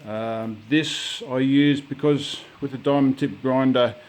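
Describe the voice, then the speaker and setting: Casual home handyman, mid pitch, talks in loose restarts. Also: steady tone, measured pace, darkish tone, a little hiss or hum. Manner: rambling, many ums and restarts. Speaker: home DIYer. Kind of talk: casual DIY walkthrough.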